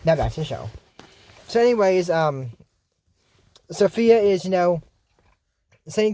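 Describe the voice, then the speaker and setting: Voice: mid-range voice, big pitch swings, slow, pauses often, mellow. Chatty, rambling cartoon recapper. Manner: chatty and digressive, many fillers and asides. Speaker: YouTuber reviewing a cartoon episode. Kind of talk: casual rambling commentary.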